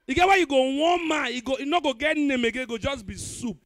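High-voiced Nigerian comedian shouting punchlines. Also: male voice, brisk, few pauses, no room sound, studio quality. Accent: Nigerian Pidgin. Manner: animated, bursts into shouting. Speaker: stand-up comedian. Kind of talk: live stand-up comedy.

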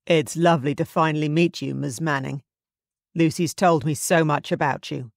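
A relaxed, friendly young man with a low, even tone, as a woman narrator voices him. The audiobook voice is close and dry. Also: moderate pace, creaky, no echo. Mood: polite. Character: easygoing young man, dive instructor. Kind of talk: audiobook character voice.

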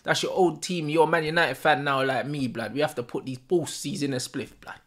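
A young man with a London accent, reacting live to a football match as a fan streamer, excitable and full of slang and swearing, yelling at the plays. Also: fairly high pitch, a little fast, hardly any pauses.

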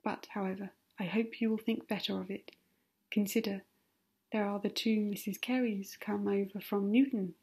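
A woman voicing a hearty, jovial country gentleman who talks in a boisterous, insistent way, in a whispered role-play. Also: mid-range voice, husky.

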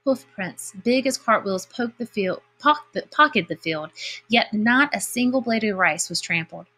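A woman teacher reading a picture book aloud to her class, with expressive delivery and comments of her own in between. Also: medium pitch, unhurried. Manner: expressive storybook reading with lively character voices.

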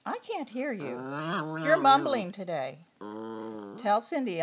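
A woman coaxing her pet dog in sing-song baby talk, swinging from loud to hushed, on a dull lo-fi home video. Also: a little high, very animated, slow pace, a crowd in the background. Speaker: dog owner.

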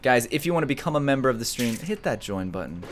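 A young man giving excited live commentary as he streams a game, jumping from mumbling to shouts and laughter. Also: medium pitch, fast talker, very noisy.

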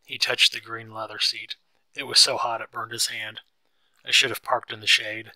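A man giving clear, steady scripted narration of a simplified novel. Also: medium pitch, moderate pace, no room sound, low-quality recording. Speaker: reader.

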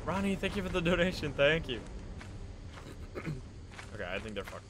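A man streaming a game live, talking to himself and his friends in an excitable way, swearing and laughing often. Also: on the high side, normal speed, noisy background. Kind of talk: casual live gameplay commentary.

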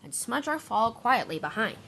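A woman's voice: a little high, sing-song, fairly quick, gravelly, heavy background noise. A woman narrating a toy-train story, often stumbling and correcting herself as she reads. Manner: stumbling, self-correcting reading.

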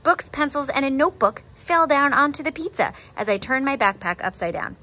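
Woman art teacher, higher voice, animated read-aloud style for kids. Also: fairly quick. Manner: expressive, animated storytelling. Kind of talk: reading a picture book aloud, then art instruction.

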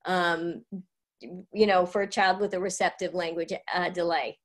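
A woman's voice: fairly low pitch, flat delivery, normal speed. A woman interviewing a guest over a video call, asking questions and stopping to clarify details. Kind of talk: conversational interview.

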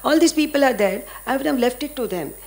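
Older Indian woman telling animated stories. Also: sits high, fast talker. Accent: Indian English. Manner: animated, anecdotal, emphatic. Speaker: panelist, dance guru. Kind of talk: panel discussion storytelling.

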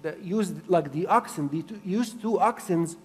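A man preaching a sermon in an earnest way, repeating phrases for emphasis and swinging between soft and loud. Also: sits high, a little slow, breathy edge, big-room sound. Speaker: pastor.

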